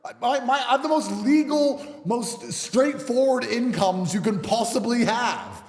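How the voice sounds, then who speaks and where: A man's voice: extremely high pitch, animated, a little slow, a little mellow, in a large hall. A man in a casual podcast conversation, talking in a defiant, emphatic way and swearing freely. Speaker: podcast guest.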